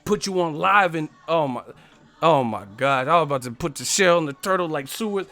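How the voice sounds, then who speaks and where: A man with a slightly high voice riffs on a live stream, trading playful, boastful rap bars and cracking himself up between them. Faint music plays underneath him. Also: lively intonation, normal speed, a bit bright. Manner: playful, boastful, laughing at his own rhymes. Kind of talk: casual live stream chat, freestyle rapping.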